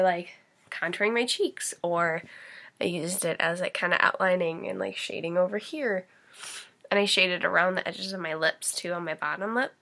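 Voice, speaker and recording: Speaking low with vocal fry and a slightly bright edge, a young makeup vlogger talks casually through a tutorial. She's face-painted, sniffly and sneezing, and her chatter is rambling and giggly, loaded with "likes" and "ums."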